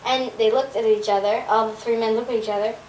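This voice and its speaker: Brief: high-pitched woman, halting storyteller, recorded distant in a roomy space with faint noise. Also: steady tone, a little mellow. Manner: rambling, halting joke telling with many fillers. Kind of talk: casual joke telling.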